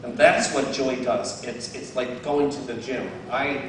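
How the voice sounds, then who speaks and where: This lay speaker's devotional talk is casual and playful, delivered outdoors with plenty of self-mockery and laughter at himself. He speaks unhurriedly in a mid-range, slightly bright voice. The audio is very echoey and distant from the mic, with a little hiss or hum.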